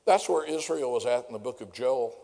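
A man's voice: mid-range voice, lively intonation, brisk, warm tone. A man preaching a sermon as pastor, folksy and down-home, building to fervent preaching. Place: church sanctuary. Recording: long hall reverb.

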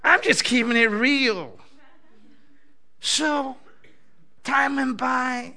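A man, a messianic rabbi, telling a story in a lively, conversational sermon, often laughing as he talks. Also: very high voice, extremely slow, gravelly, long pauses.

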